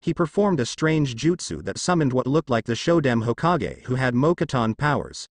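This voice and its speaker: A man's voice: mid-range voice, very animated, normal speed, no echo. A man voicing a small, loyal male fox summon who reports formally and respectfully. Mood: dutiful.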